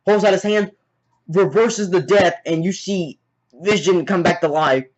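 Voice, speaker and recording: A man with a slightly high voice retells movie scenes as eager play-by-play, dropping in sound effects as he goes. It is a casual spoken review. The recording is dull and lo-fi. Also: a little slow.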